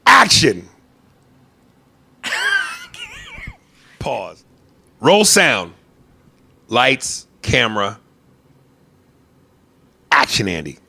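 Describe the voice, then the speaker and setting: A man's voice: mid-range voice, wildly swooping pitch, drawn-out words, vocal fry, long pauses, bright, forceful tone, husky. A man hosting a podcast, joking crudely and animatedly in casual chat, at times playing a bossy film director. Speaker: podcast host.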